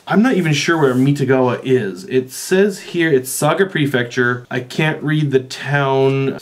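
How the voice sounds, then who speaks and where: A man casually chatting while tasting and describing a snack for his vlog, recorded on a camera mic at home. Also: medium pitch. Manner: chatty, rambling, eats on camera. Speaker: vlogger.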